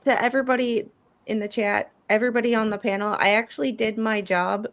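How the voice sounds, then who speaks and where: A woman's voice: a little high, fairly even intonation, fairly quick. A woman hosting a livestream panel over a video call, chatting casually and mocking herself with the odd swear. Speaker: host.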